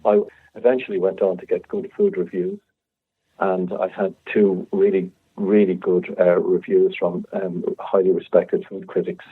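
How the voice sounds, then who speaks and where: An Irish man in his fifties, a restaurateur, telling an animated story and acting out both sides of the dialogue. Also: deep voice, normal speed, breathy edge. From Ireland. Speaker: restaurateur guest. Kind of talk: storytelling anecdote. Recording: tinny phone-line sound.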